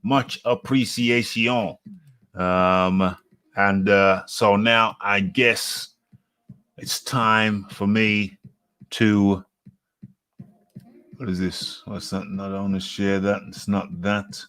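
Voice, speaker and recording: A man's voice: low-pitched, flat delivery, slow, pauses often, bright, forceful tone, clear, resonant tone, no echo. A British man hosting a live boxing talk stream, reading comments aloud and rambling and correcting himself as he scrolls.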